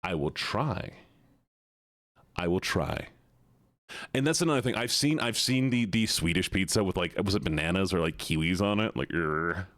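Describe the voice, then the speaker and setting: Male streamer, playful and chatty, very lively pitch, dry close mic. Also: normal speed, no room sound. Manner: playful, animated, chatty with viewers. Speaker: live streamer. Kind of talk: casual live-stream chat.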